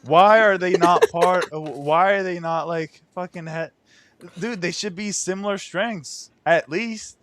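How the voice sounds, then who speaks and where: A man's voice: high-pitched, unhurried, a bit bright. Profane, ranting man in casual chat. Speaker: podcast host.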